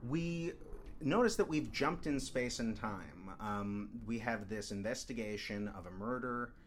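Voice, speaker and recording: A man's voice: lowish voice, measured pace, slight background noise. A man teaching screenwriting, talking through a script in a loose, stop-start way with fillers. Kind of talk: script analysis lecture.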